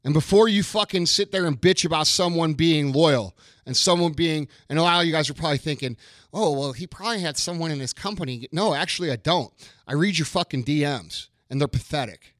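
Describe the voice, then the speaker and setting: A man's voice: on the high side, a little fast, fairly bright tone, dry recording, clean studio sound. A man hosting a podcast, delivering a blunt, profane, confrontational monologue. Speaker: podcast host. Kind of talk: ranting monologue.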